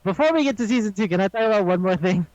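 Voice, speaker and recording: A man's voice: sits high, lively intonation, very fast, darkish tone. A man chatting casually on a podcast, rambling, swearing often and laughing a lot. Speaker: podcast co-host. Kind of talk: casual chat recapping an anime. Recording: slightly dull lo-fi sound.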